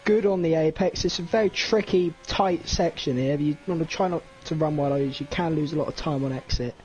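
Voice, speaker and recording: A man's voice: on the high side, fairly quick, darkish tone, muffled recording. Young male co-commentator coaching a lap. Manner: coaching second-person talk-through. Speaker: co-commentator, strategy analyst. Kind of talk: sim racing lap analysis.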